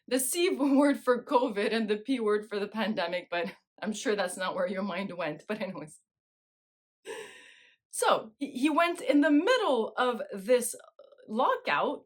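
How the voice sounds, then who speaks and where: Middle-aged woman host, talky and loose, laughs a lot, voice sits a bit high. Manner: chatty, laughs often, keeps asking "right?". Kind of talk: casual monologue to camera.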